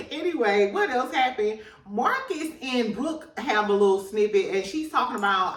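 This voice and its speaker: Laughing, gossipy woman with a lively voice. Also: unhurried, echoey room, far from the mic. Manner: laughs a lot, gossipy, slangy, mimics people in high voices. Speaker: reality TV recap host. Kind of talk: casual chat.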